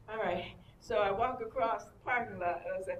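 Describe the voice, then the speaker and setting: An older woman at a convention panel, telling bawdy anecdotes with big laughs and acted-out voices. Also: medium pitch. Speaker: panel guest. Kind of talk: animated storytelling with acted-out voices. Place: convention panel room with audience. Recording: roomy convention hall, distant, crowd noise.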